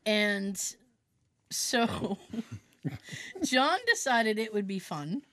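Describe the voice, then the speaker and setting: A woman's voice: medium pitch, animated, extremely slow, fairly bright tone, no echo. Laughing woman podcast co-host, dry sound. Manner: laughs often, rambling explanations. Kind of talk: casual chat.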